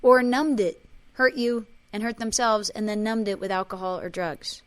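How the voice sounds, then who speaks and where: A woman leading a spiritual workshop, telling emotional personal stories with quoted dialogue and chanting a repeated clearing phrase. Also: medium pitch, steady tone, normal speed. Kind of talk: talk to a group.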